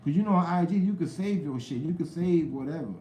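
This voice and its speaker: Young guy rambling on his live stream, mellow voice, roomy echo and a bit of hiss. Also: fairly high pitch, fast talker. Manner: loose, rambling talk with slang and cursing, greets chat viewers loudly. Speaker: live stream host chatting with viewers. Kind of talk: casual live-stream chat.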